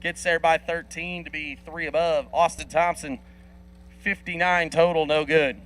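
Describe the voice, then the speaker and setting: Male race announcer, bright slightly high voice, fast play-by-play, jokey. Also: steady tone, poor audio. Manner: quick play-by-play, laughs often. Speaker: drag racing commentator. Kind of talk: live race commentary. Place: racetrack broadcast booth.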